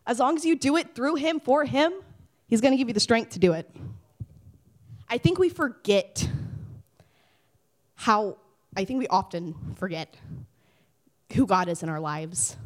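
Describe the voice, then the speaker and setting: A young woman giving a casual devotional talk to teens, lively and conversational, swinging from loud to hushed. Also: medium pitch. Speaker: youth speaker.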